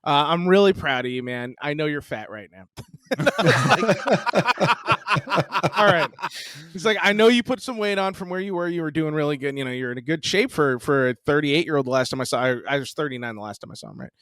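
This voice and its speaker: His voice is a little high, clear and resonant, moving fairly quickly on a dry recording. This man in his forties co-hosts a podcast, telling a story in a chatty, animated way full of profanity and frequent laughter.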